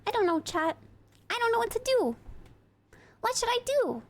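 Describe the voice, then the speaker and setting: A woman's voice: very high-pitched, big pitch swings, moderate pace. A woman streamer thinking aloud in a casual, playful way while she builds in a game. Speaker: live streamer.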